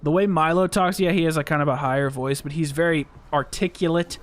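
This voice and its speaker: A man's voice: on the high side, fairly even intonation, a little fast. A young American man chatting casually and rambling as a gaming podcast host. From United States. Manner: rambling, chatty, laughs often. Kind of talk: casual chat while playing a game.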